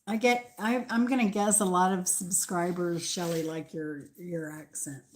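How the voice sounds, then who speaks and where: An older woman with a mild Southern American accent, chatting casually as a channel host on a garden tour, rambling with pauses. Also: lowish voice, steady tone. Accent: Southern American mix.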